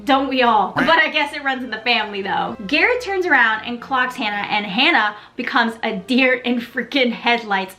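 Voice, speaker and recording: A young woman recaps a TV episode in a playful, gossipy way, with sassy asides. Her voice sits a bit high and sounds bright and forceful. Soft music plays behind her. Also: animated, normal speed, few pauses. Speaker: video creator recapping a TV episode. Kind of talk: casual recap commentary.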